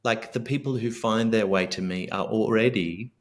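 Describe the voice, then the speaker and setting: A man's voice: lowish voice, moderate pace. A middle-aged man, a guest author and coach in a podcast interview, talking earnestly and reflectively and acting out sample lines of dialogue.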